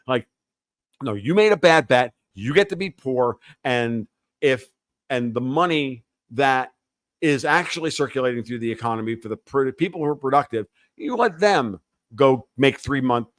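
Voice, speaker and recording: A man's voice: medium pitch, expressive, normal speed, a bit bright, dry recording. A man talking as a podcast guest in a heated, opinionated rant, profane and sarcastic. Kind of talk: heated opinionated interview talk.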